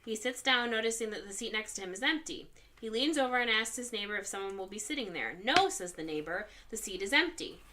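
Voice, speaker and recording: A woman co-hosting a casual chat podcast, reading jokes aloud one by one. She reads in a measured, deliberate way, and her voice is bright and forward. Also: mid-range voice, expressive, a little hiss or hum. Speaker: podcast co-host.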